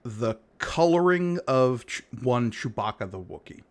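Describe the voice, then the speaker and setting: A man hosting a casual podcast, relaxed and deliberate, laughing easily with his co-host. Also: medium pitch.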